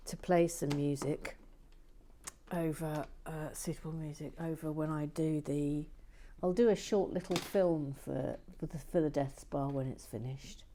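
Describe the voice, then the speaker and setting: A woman with a lowish voice gives soft-spoken building commentary and drifts between quiet talk and whispers. She speaks very slowly and unhurriedly, with playful little asides. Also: fairly even intonation, a little hiss or hum. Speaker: Lego build channel host.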